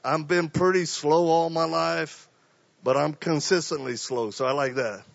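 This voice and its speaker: Preacher guy, high-ish gravelly voice, dry dull lo-fi sound, acts out stories. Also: steady tone, unhurried, no room sound. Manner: storytelling, acts out voices, swings from quiet to loud. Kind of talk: sermon.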